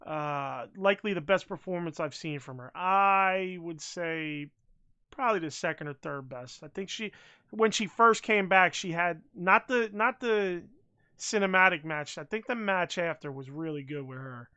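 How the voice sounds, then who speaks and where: Bright-voiced man, blunt podcast chatter. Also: high voice, moderate pace, clean tone. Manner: blunt, swears freely, rambling restarts. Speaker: podcast co-host. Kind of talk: casual wrestling podcast chat.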